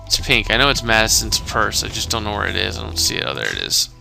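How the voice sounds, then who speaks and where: A man's voice: lowish voice, very animated, fast talker, vocal fry, over music. A man casually commentating a mystery game, rambling and thinking aloud. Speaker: gamer. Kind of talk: let's play commentary.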